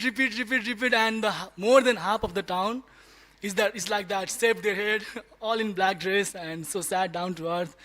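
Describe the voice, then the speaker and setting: A man speaking at a devotee class, telling a story with animated delivery and frequent laughter. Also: high-pitched. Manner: laughs often, animated, restarts words. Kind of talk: storytelling talk. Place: temple class room.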